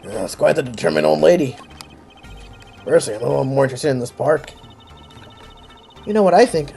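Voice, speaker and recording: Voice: mid-range voice, animated, a little fast, gravelly, mellow, faint music behind. A let's player commentating on a story game, joking and sarcastic, swearing casually while reading the dialogue aloud.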